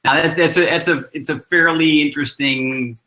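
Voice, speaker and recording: Fifties male guest, bright tone, halting and friendly storyteller. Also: fairly high pitch, steady tone. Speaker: guest, learning consultant. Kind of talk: casual interview talk.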